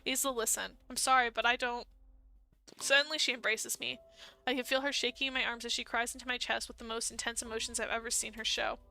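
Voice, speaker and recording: A woman reading a quiet, heartbroken young man. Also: on the high side, level tone, fast talker, vocal fry. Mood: subdued. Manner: subdued, soft narration.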